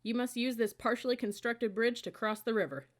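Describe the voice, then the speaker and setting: A woman's voice: a little high, a little fast, pitched above the performer's own voice, natural voice. A woman voicing a stern, burly male cadet instructor who gives orders in a commanding drill-style briefing.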